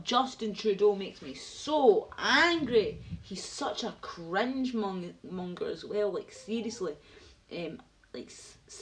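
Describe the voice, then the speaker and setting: Rambling woman live-streaming. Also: medium pitch. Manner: rambling, ranting, answers chat viewers by name. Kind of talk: casual live-stream chat.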